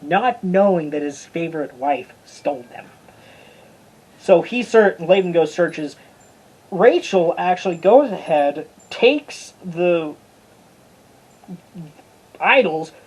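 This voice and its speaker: Husky voice, casual Bible lesson, chatty, informal teacher, stumbles on names. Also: mid-range voice, a little mellow, poor audio.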